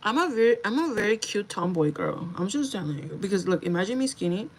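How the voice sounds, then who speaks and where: A young woman livestreaming, telling a story to her viewers in a chatty, animated way, swearing freely and slipping into Spanish. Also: mid-range voice, fast, low-quality recording. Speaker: livestream host.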